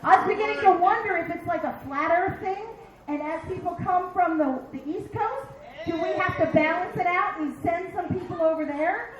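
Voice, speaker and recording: A very high-pitched woman in her fifties, from Philadelphia, works a stand-up crowd with a brash, profane, punchy delivery. Her voice rings through an echoey dive bar room, picked up by a handheld stage mic. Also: normal speed, highs cut off. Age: 50s. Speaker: stand-up comedian. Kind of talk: stand-up comedy set.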